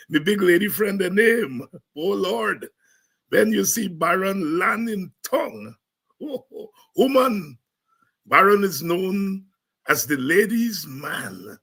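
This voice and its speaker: Host: man, bright and forceful, slow unhurried delivery, exuberant. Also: a little high, slightly rough, poor audio. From Guyana. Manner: exuberant, breaks into shouts and scat. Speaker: show host and lecturer. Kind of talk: lively talk-show commentary.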